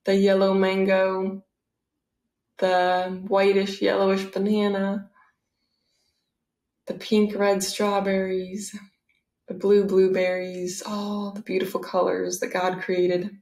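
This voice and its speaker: A woman narrating a guided visualization, soft and dreamy, full of eager delight. Her voice sits at a middle pitch and is recorded with a noticeable roomy echo. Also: monotone, slow, pauses often.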